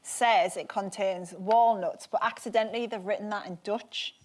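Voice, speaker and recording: A woman hosting a comedy panel show, reading out comic questions with a laughing, bright delivery. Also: mid-range voice, steady tone, normal speed. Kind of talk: scripted comic presenting.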